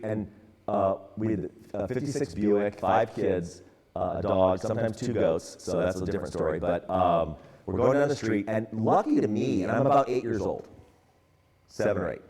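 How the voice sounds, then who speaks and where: A man in his sixties from the San Francisco area gives a relaxed, storytelling church talk, full of casual fillers. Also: fairly low pitch. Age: 60s. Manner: relaxed, conversational, many fillers. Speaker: church ministry speaker.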